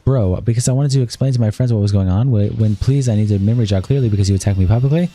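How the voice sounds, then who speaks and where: A male streamer reading a long exchange of text messages aloud in a rapid, flat delivery. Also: on the low side.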